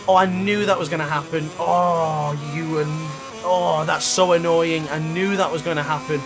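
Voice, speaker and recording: A man's voice: on the high side, unhurried, background noise. A man, a gaming streamer who calls his own race like a sports commentator and breaks into frustrated outbursts. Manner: excitable, mock race-caller, bursts into frustrated outbursts. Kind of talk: livestream gameplay commentary.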